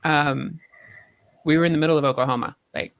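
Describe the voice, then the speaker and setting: A man's voice: a little high, a little fast, gravelly, a bit bright. A man chatting casually on a tech livestream, telling anecdotes and making self-deprecating remarks.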